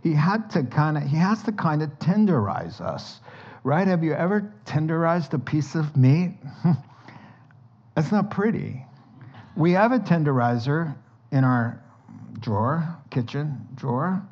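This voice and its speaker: A man preaching a sermon as pastor, telling stories with lively energy and acting out sounds and dialogue. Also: a little high, measured pace, dull audio.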